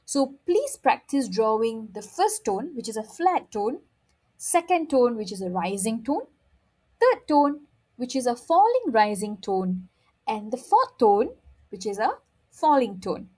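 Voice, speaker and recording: Lively husky woman teaching Mandarin. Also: a little high, unhurried. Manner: frequent checking "okay?", playful and encouraging. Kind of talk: friendly beginner language lesson.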